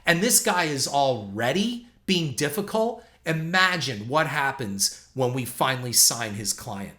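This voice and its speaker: Blunt, swearing man with a bright voice. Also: mid-range voice, expressive, unhurried. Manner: blunt, profane, storytelling with quoted exchanges. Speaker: podcast host and filmmaker. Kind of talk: ranting podcast monologue.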